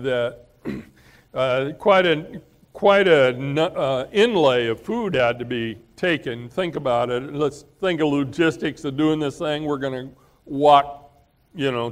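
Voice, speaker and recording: A man delivers a sermon at an unhurried pace, in a fairly high voice for a man. His talk is loose and conversational, with frequent pauses, fillers and throat clearing. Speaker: pastor.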